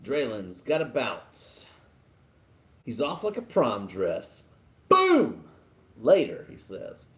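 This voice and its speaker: A man's voice: medium pitch, sing-song, slow pace, a little mellow. A man hosting a casual live stream, chatting and laughing as he reads viewer comments aloud. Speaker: livestream host.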